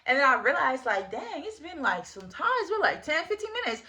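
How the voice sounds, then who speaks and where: Woman, 20s, storytime vlogger: slangy and animated, laughs a lot, a bright voice that sits somewhat high. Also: brisk. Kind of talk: casual storytime.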